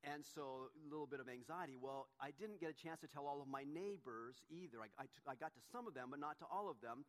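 A man's voice: a little high, quick pace, in a large hall. Conversational male pastor preaching. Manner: relaxed, conversational preaching, animated when retelling. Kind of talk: sermon.

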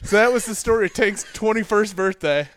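Young man, lively high voice, rambling and profane podcast storyteller. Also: brisk. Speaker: podcast guest telling a story. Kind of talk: casual storytelling.

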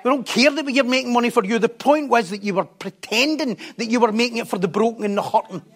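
Speaking fast with a breathy edge, a preacher in a fairly high voice keeps his sermon lively and conversational. Jokey asides interrupt him, and he swings from hushed quiet to loud excitement.

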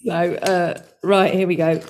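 A woman's voice: fairly low pitch, flat delivery, unhurried, darkish tone, a little hiss or hum. A woman hosting a podcast, chatting in an upbeat way and laughing a lot. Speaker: podcast host. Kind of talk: casual interview chat.

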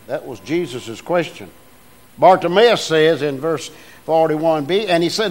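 Folksy older male preacher, somewhat high voice. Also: a little slow. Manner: swings between hushed storytelling and rising, emphatic preaching; folksy, homespun phrasing with repeated restarts. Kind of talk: sermon.

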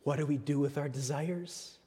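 A man preaching a sermon in a dramatic way, swinging from loud phrases to near whispers. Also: on the high side, steady tone, normal speed, breathy edge, big-room sound.

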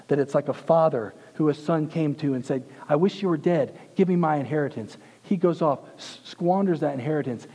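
A man in his thirties preaching a sermon, intense, moving between hushed and emphatic delivery. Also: fairly high pitch, husky, long reverb tail, poor audio.

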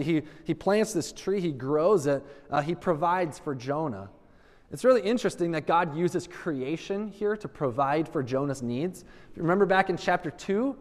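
Brief: animated male preacher, high voice, rhetorical questions, long hall reverb. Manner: animated storytelling, asking the audience rhetorical questions. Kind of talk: sermon.

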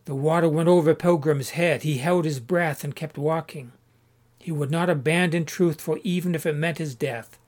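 A man reading a story aloud in a steady, measured narration. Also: on the high side. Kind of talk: scripted audiobook narration.

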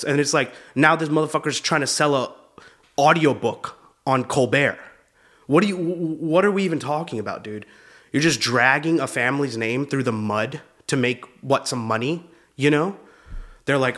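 Man, comedian, casual profane rant, mid-pitched voice. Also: animated, normal speed, fairly bright tone. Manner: loose, profane, keeps saying dude. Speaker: comedian host. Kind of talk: comedy podcast monologue.

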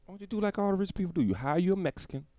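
A man's voice: high-pitched, animated, racing, warm tone, no echo. A man doing a rambling, profane comedic monologue and laughing at his own jokes.

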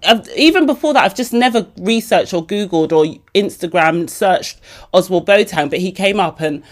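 Animated woman telling a story. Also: medium pitch, normal speed. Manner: animated and chatty, acting out dialogue. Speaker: podcast host. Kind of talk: casual storytelling monologue.

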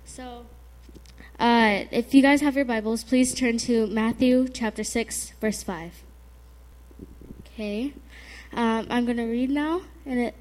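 A soft-spoken woman gives a short devotional talk to a church group. She sounds hesitant and fills her pauses with "uh" before she reads a scripture passage. Her voice sits slightly high. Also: steady tone, rough recording. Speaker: youth speaker.

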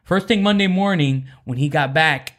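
A man's voice: fairly high pitch, moderate pace, fairly bright tone. A man sharing a candid personal story in a faith talk, earnest and rambling, with many restarts.

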